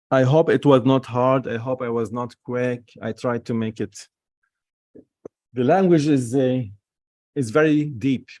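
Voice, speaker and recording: A man's voice: mid-range voice, darkish tone, no room sound, studio quality. A man teaching an online Hebrew reading lesson, patiently sounding words out syllable by syllable and repeating key points.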